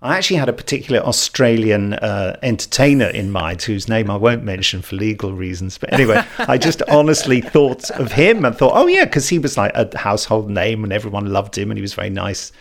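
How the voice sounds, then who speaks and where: A man's voice: lowish voice, fairly quick, hardly any pauses. A middle-aged man with a wry, self-deprecating way of telling stories in casual chat.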